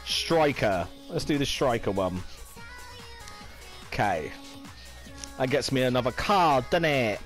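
A man's voice: medium pitch, expressive, slow, long pauses, faint music behind. Playful Northern English man gaming. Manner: chatty, playful, exclaims and sings little phrases. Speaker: gaming video host. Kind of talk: casual gameplay commentary.

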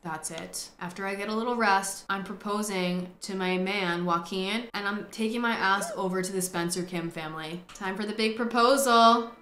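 A woman hosting a gameplay video, chatting excitably, swearing and talking to the characters on screen. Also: mid-range voice, normal speed, hardly any pauses, echoey room, slight background noise. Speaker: gaming host. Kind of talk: casual gameplay commentary.

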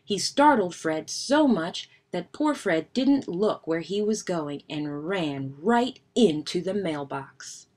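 A woman reading a children's picture book aloud in an expressive storytelling manner. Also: lowish voice, slow pace, hardly any pauses. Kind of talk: children's read-aloud narration.

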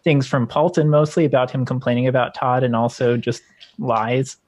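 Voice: medium pitch, fairly even intonation, moderate pace, darkish tone. A tabletop player speaking in character in a chatty, rambling way. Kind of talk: playing a tabletop game in character.

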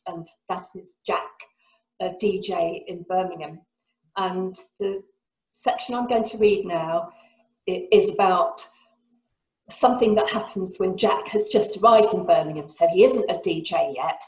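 A woman author reads a passage from her novel over a video call. She lifts her voice high and loud for shouted lines. The sound comes from an echoey room. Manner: lively reading, voicing shouted lines with big pitch jumps. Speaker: author giving a reading. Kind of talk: reading aloud from her novel.

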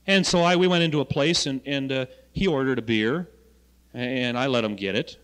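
A man who coordinates school health education, giving an animated lecture to students with loud points and quiet asides. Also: mid-range voice, moderate pace, smooth. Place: college lecture hall. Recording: archival 1970 lecture recording in a reverberant hall.

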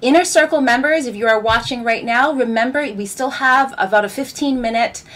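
A woman's voice: on the high side, a little fast, a bit bright. A woman vocal coach hosting a live stream, talking to her viewers in an upbeat, direct way. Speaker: vocal coach and show host. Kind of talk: live-stream host talk.

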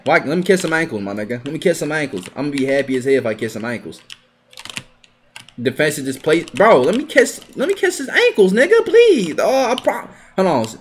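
A young man giving live gameplay commentary, trash-talking his opponents with heavy profanity and sudden bursts of yelling. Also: fairly high pitch, slight background noise. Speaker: gaming video creator.

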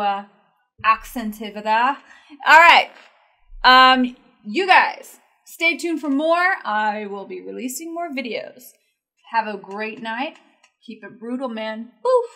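Fields: Sex: woman. Role: reaction host. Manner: chatty, excitable. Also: fairly high pitch, takes it slowly, long pauses. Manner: chatty, rambling, many fillers; playful and excitable. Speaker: metal music reaction host. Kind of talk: casual reaction commentary.

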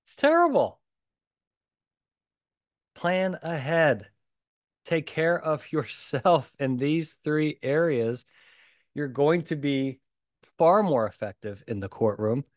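A man's voice: fairly high pitch, slow pace, no echo. Man, podcast host, blunt, emphatic, repetitive, dry close sound. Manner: emphatic and animated. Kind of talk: solo podcast talk.

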